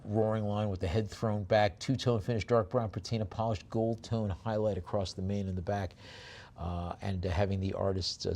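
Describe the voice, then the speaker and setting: Male auctioneer, live bid calling. He is halting and filler-heavy on the lot details and snaps into rapid, chanted calls for the bids. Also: fairly low pitch, darkish tone.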